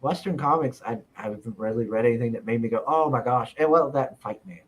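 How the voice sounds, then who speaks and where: A man's voice: mid-range voice, quick pace, breathy edge. A man from the American South in casual podcast chat, rambling with lots of filler words.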